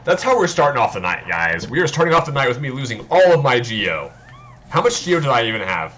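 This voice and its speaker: A man's voice: medium pitch, very animated, a little fast, fairly bright tone. A man streaming a video game, chatting casually and poking fun at his own play while answering his viewers. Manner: self-deprecating, talks to chat. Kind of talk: casual let's-play chat.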